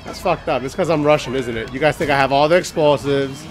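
A man casually commentating a video game playthrough, excitable and joking, swearing often and singing bits to himself. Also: mid-range voice, fast, faint music behind. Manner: excitable, swearing, jokey, sings snippets. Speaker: gaming channel host. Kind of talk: let's play commentary.

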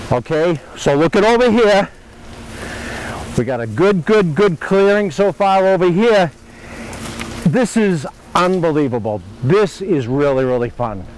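Guy hosting a garden show out on a farm, kinda high voice, little bit of background noise. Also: darkish tone, low-quality recording. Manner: jokey, talks to the goats like workers. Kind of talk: casual outdoor show hosting. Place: outdoors at a farm field.

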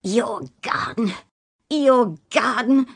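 A woman's voice: mid-range voice, sing-song, slow pace, heavily acted. A woman reading a bitter, bullying drunken father. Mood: shouting. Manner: shouting, scornful and bitter. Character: angry drunken bullying father, older man.

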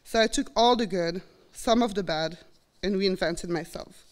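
A woman's voice: medium pitch, normal speed. A woman in her forties from Belgium with a Belgian French accent, reflectively telling a personal story on stage. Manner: earnest, reflective, acts out quoted voices. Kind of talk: live storytelling performance. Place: college stage before an audience.

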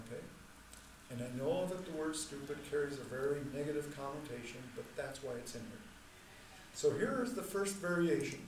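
A man teaching a church class in a measured, deliberate way, repeating key points and slowing down to stress terms. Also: fairly high pitch, animated, darkish tone. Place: church hall. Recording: echoey room, mic far off, faint noise.

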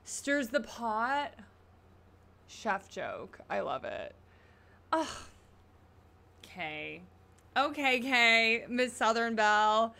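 A woman's voice: on the high side, animated, extremely slow, gravelly, long pauses, pushed and bright. A young woman chatting casually as she reacts to a show, gushing and bubbly, full of "like" and "y'all".

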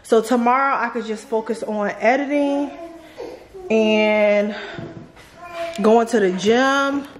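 Chatty mom vlogging at home. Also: female voice, mid-range voice, a little hiss or hum. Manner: chatty, talks straight to viewers with y'all. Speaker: vlogger, mother of young kids. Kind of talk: casual vlog chat.

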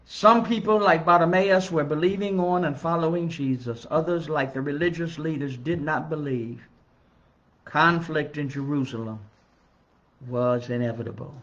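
A male minister teaches a Bible study with a slightly high voice, steady and earnest, lifting into emphasis on the points that matter. The recording is dull and lo-fi, with the top end muffled. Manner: measured, earnest teaching with emphatic rises on key phrases. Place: church.

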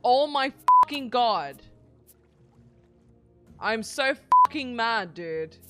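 A woman's voice: on the high side, lively intonation, slow, pushed and bright, soft background music. A young woman streaming games live, swearing constantly and ranting at the game when it frustrates her.

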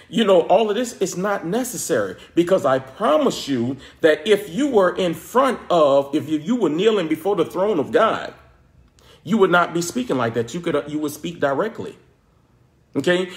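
A man's voice: a little high, echoey room. A man giving informal Bible teaching, talking conversationally, often restarting words and checking in with "okay?". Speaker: preacher.

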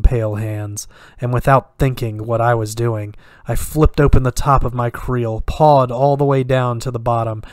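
A man reading a horror story aloud in a measured, even narration. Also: medium pitch, dry recording, studio quality. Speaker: reader.

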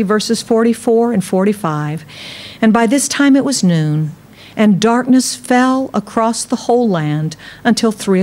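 Woman pastor, mid-range voice, preaching to a congregation; dramatic pauses, solemn low drops, emphatic lifts. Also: darkish tone. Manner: reads scripture aloud, addresses congregation directly. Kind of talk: sermon.

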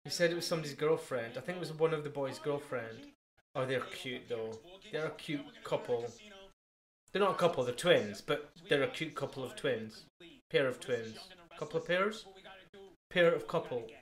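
A British reaction video host giving casual, chatty commentary, cracking quick jokes and laughing along while sizing up each new face. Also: mid-range voice. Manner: chatty, quippy, excitable, laughs at own jokes.

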